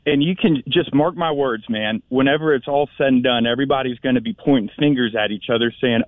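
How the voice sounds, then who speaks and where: A man's voice: medium pitch, lively intonation, a little fast, hardly any pauses, no room sound. A man calling in to a radio show, speaking in a laid-back, plainspoken way. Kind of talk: casual call-in chat. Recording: dry tinny phone line.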